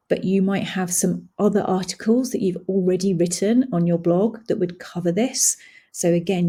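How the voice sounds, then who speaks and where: Woman host, husky and mellow, casual screen-share walkthrough, thinks aloud with fillers. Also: fairly low pitch. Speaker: blogging tutorial host.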